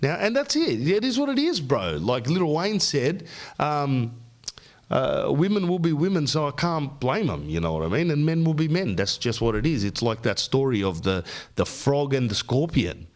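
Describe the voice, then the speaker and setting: Rambling Australian man with a lively voice. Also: medium pitch, moderate pace. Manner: rambling, slangy storytelling, says bro often. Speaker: podcast host. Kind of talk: casual rambling monologue.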